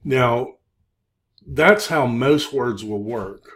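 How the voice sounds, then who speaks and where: A man teaching a recorded Hebrew lesson, speaking haltingly with many fillers and drilling word forms. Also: mid-range voice, fairly bright tone. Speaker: Hebrew instructor. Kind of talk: recorded lecture.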